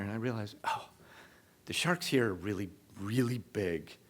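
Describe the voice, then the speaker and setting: A man telling a true story live on a comedy club stage, talking in a conversational, animated way and acting out what people said. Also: lowish voice, normal speed.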